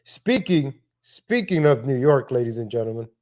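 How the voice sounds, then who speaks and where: A man's voice: mid-range voice, big pitch swings, moderate pace, a little mellow. A man hosting a live stream, talking casually in a rambling way with many restarts and asides, into a home desk mic. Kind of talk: casual livestream rant. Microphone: home desk microphone.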